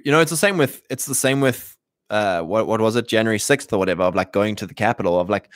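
A fast-talking man with a mid-range, fairly bright voice hosts a livestream of casual political musings. He wanders, piling on fillers and restarts, and performs the voices he quotes. The recording is dry and studio-clean.

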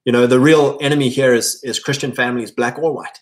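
A man's voice: mid-range voice, fairly even intonation, a little fast. A man hosting his own video, delivering a blunt, provocative, preachy monologue. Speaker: video host. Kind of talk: monologue to camera.

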